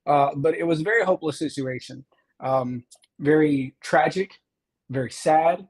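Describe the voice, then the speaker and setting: A man's voice: on the high side, moderate pace, low-quality recording. A man from Chicago, a state representative, telling his life story earnestly in an interview. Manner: earnest storyteller, acts out quoted teachers. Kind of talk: interview conversation.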